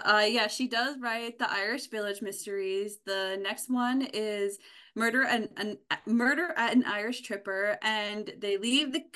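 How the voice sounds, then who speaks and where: A woman's voice: fairly high pitch, a bit bright. A woman from a bookstore team chatting casually and enthusiastically about books she recommends, with frequent ums and restarts. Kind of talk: casual book recommendation chat.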